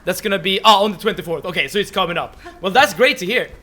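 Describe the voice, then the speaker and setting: A man's voice: sits high, fast talker, slight background noise. A young man with a Swedish accent chatting with his live-stream viewers while playing a game. He stammers and repeats words a lot and laughs often. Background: soft game music.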